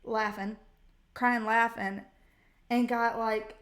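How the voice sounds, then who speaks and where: A woman's voice: fairly high pitch, little pitch movement, slow pace, a bit bright. A woman reading tarot cards in a casual vlog, chatty and profane, often laughing at her own stories. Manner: profane, giggly, chatty storytelling. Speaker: tarot card reader.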